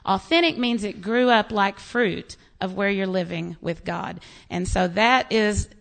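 A woman's voice: mid-range voice, measured pace, creaky. An American woman pastor preaching a sermon, telling stories with quoted voices. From United States. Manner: animated storytelling with quoted voices and laughs.

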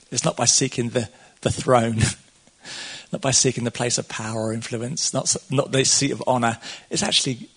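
A man's voice: mid-range voice, gravelly, slightly rough. A man preaching a casual sermon, chatty and conversational, laughing often and acting out the quotes.

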